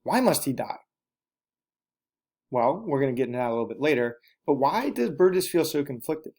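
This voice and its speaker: A male teacher talks his students through a recorded lesson. He speaks at a middle pitch, plainly and directly, and repeats key instructions for emphasis. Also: very animated, moderate pace, darkish tone.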